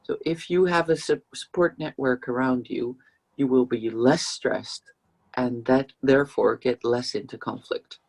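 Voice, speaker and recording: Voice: medium pitch, steady tone, unhurried, gravelly, a little mellow. A trainer giving a conversational video lesson on handling conflict, now and then acting out short example remarks in different tones. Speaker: trainer teaching transactional analysis.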